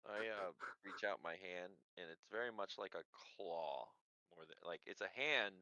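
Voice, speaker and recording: A man's voice: low voice, moderate pace, sharp tone, dry recording, dull audio. A man playing a tabletop game, chatting casually as he describes his turtle character. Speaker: player.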